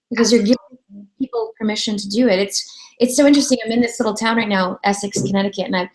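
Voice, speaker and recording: A woman's voice: medium pitch, a little fast, poor audio. A woman hosting an interview show, chatting freely and acting out the voices of people in her stories. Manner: chatty storyteller, acts out quoted voices. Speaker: radio show host. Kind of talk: casual interview chat.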